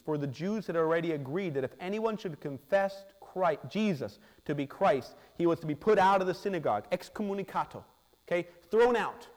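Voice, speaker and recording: A man preaching a sermon, acting out the people he quotes with lively, expressive delivery. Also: high voice, big-room sound. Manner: expressive, acts out quoted voices. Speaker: pastor.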